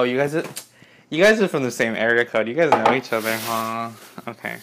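A young man unboxing fan mail in an excited, gushing vlog, swearing often and gasping as he reads letters aloud. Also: medium pitch, a little hiss or hum. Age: young adult. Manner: gushing, swears a lot, gasps and squeals.

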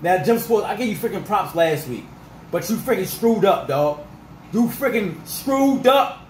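A man ranting as a sports fan vlogger, fired up and repetitive, his voice going rough. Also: sits high, animated, a little slow, reverberant, a little hiss or hum, rough recording. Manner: fired-up, repetitive, peppered with 'freaking' and 'dog'.

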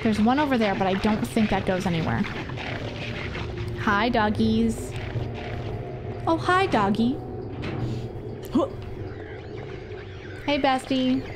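A woman's voice: fairly high pitch, expressive, takes it slowly, long pauses, background noise. A woman streamer casually chatting through a horror game, talking to her viewers and swearing freely. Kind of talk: casual live gameplay commentary with swearing.

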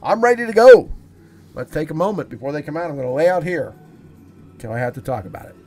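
A man's voice: fairly high pitch, animated, quick pace, a little mellow, faint music behind. A man doing solo wrestling commentary over a streamed show, enthusiastic and chatty, talking straight to his viewers.

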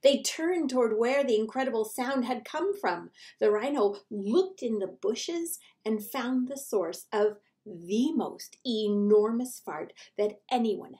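A woman librarian reading a picture book aloud to children, animated and theatrical, dropping into whispers for suspense. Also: mid-range voice, measured pace, hardly any pauses. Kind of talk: children's read-aloud storytelling.

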